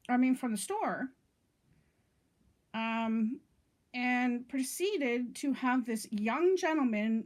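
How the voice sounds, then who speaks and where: A middle-aged woman talking straight to her viewers in a casual vlog, indignant and rambling, with lots of "um" and "okay?" along the way. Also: on the high side. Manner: indignant, rambling, many fillers and "okay?" checks. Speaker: vlogger.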